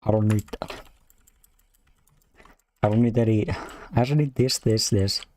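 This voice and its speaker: A man's voice: fairly low pitch, steady tone, unhurried, a little mellow, a little hiss or hum. A man streaming himself as he codes, thinking aloud in clipped half-sentences to himself and swearing when things break. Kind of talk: muttering to himself while coding. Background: keyboard typing.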